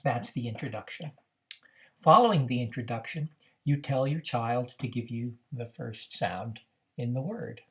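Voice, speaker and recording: A man teaching how to run a reading activity, explaining in a measured way with frequent "uh" fillers. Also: mid-range voice. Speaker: reading program instructor. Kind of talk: instructional demonstration.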